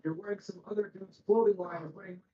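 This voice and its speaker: A man's voice: sits high, steady tone, brisk, echoey room, recorded from a distance, dull audio. A man hosting a podcast, chatting casually with slang and swearing, loose and full of fillers. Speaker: podcast host.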